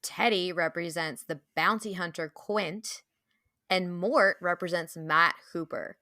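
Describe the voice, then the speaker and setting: A woman's voice: on the low side, measured pace, pushed and bright, no room sound, studio quality. A young woman co-hosting a podcast in casual chat, enthusiastic, laughing often and using many fillers. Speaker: podcast co-host.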